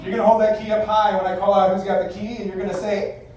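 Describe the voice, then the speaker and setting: A man's voice: high-pitched, little pitch movement, fast talker, a little mellow, highs cut off. A man in his forties, a stage magician doing brash, profane, theatrical comic patter to a live audience in a bar venue. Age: 40s. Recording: echoey live room, distant mic, faint noise.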